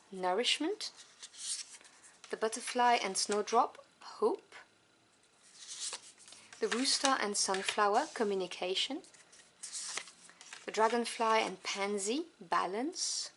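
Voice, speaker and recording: A woman whose first language is French, reviewing tarot cards one by one. She lists each card softly and without hurry, adding fond little asides. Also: on the high side, noisy background. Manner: soft, unhurried listing with fond asides.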